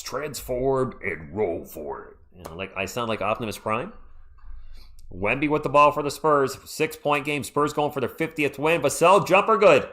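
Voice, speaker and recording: A man doing live fan play-by-play from home on his own mic, excitable and chatty, breaking off to talk to his chat. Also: a little high. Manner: excitable, chatty, jumps between game calls and asides to chat. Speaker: livestream play-by-play commentator. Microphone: own microphone.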